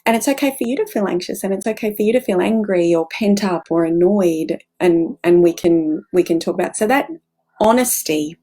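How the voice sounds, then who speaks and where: A woman's voice: lowish voice, brisk, dark tone. A middle-aged woman hosting a casual live-stream talk about parenting, explaining earnestly and acting out little examples.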